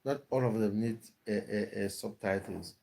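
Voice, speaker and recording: Gravelly yet mellow, this man's lowish voice holds a steady tone at normal speed. He hosts a relaxed livestream, reading out viewer comments and often restarting with repeated words.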